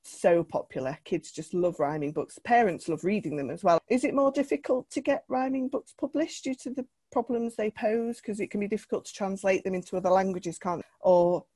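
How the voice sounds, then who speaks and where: A woman's voice: medium pitch, brisk, few pauses, dark tone, slightly rough, no room sound. A woman hosting an interview, asking questions in an enthusiastic, encouraging way. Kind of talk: podcast interview.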